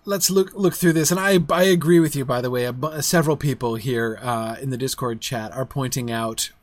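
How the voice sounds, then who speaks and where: A man leading an online book discussion in a loose, rambling way, often restarting his sentences, but eager and enthusiastic. His voice is of ordinary pitch, and the sound is dry and close to the mic. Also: fairly quick, dry recording. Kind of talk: casual livestream lesson.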